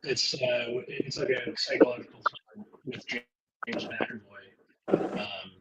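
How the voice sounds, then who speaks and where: A man's voice: mid-range voice, expressive, unhurried, creaky, heavy background noise. A man chatting casually as a podcast guest, telling stories in a loose way and trailing off at the ends of his thoughts. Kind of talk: casual chat.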